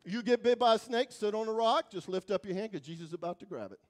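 High-voiced man preaching dramatically. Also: lively intonation, fast. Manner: dramatic, swinging from loud to hushed. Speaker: guest preacher. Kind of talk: sermon storytelling. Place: church.

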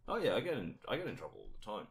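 Young man, very low voice, casual podcast chat, boastful storyteller, laughs through his anecdotes, swears casually. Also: rapid-fire, creaky, a loud crowd. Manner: animated anecdotes, often laughing mid-sentence. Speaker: podcast co-host.

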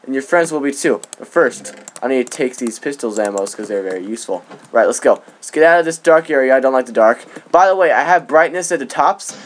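A man hosting his gaming channel, rambling through casual gameplay commentary with jokey boasts and excited outbursts. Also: mid-range voice, brisk, hardly any pauses. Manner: rambling with frequent restarts.

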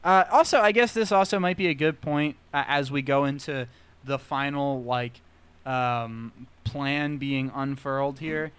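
A man's voice: medium pitch, measured pace, a bit bright, smooth. A man co-hosting a movie podcast, rambling through his points with restarts. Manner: rambling, many fillers and restarts. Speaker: podcast co-host. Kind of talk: casual movie review chat.

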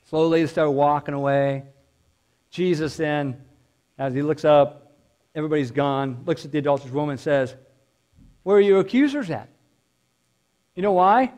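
Guy pastor preaching, pretty high voice, chatty and emphatic, lots of rhetorical questions. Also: moderate pace, a little mellow. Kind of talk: sermon.

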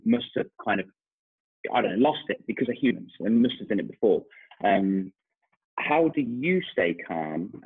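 A man's voice: lowish voice, husky, no echo. A man in his thirties with an English accent, hosting a casual interview and talking in a thoughtful, rambling way with many restarts. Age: 30s. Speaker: host, confidence coach. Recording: tinny dry video call line.

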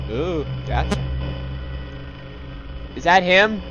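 A man's voice: a little high, sing-song, normal speed, over loud music, rough recording. A man giving casual, self-mocking commentary while playing a horror video game, laughing often. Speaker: let's player.

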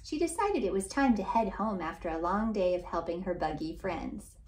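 A woman, a children's author and librarian, reading a storybook aloud in a warm, expressive storytelling voice. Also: mid-range voice, normal speed.

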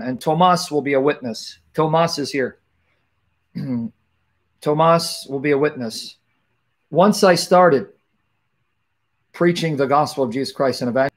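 Fervent middle-aged man leading prayer. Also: a little high. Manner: fervent, repetitive praying with long lists of invocations; joking and casual with viewers. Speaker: livestream host. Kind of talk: live online talk with spoken prayer.

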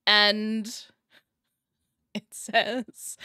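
A woman streamer chats with her viewers in an unhurried, giggly way, her pitch bouncing up and down. Her voice is bright and forward. The sound is close and dry. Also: expressive, no echo. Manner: giggly, chatty, addresses chat directly. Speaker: streamer host. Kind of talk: casual live-stream chat reacting to viewer clips.

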